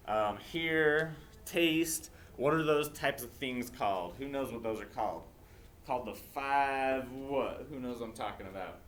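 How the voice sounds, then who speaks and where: A man teaching a live class, heard from across an echoey classroom with faint noise. He drills new words by call and response and repeats his prompts, peppering his talk with "okay." His voice sits at an ordinary pitch. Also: a bit bright, far from the mic.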